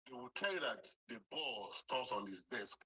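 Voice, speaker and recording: Husky man, halting and insistent. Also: mid-range voice, very animated, pushed and bright, poor audio. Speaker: interviewee.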